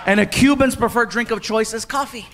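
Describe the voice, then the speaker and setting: A man doing animated stand-up storytelling, acting out characters with loud outbursts. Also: very high-pitched, brisk. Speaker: stand-up comedian. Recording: live club set with a laughing crowd and room noise. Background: audience laughter.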